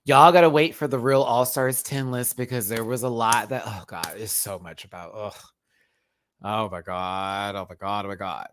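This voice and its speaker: A man hosting a live review stream in a campy, expressive, chatty manner, laughing often. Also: fairly low pitch, normal speed. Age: adult, remembers childhood. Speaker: host reviewing a TV competition. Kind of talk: live-stream commentary chat.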